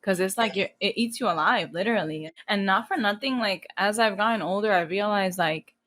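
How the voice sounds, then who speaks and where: A woman in her thirties from New Jersey, USA, appears as a podcast guest in a casual, candid interview. Her mid-range voice is brisk, and she's blunt, animated and heavily profane, dropping in a few Spanish phrases.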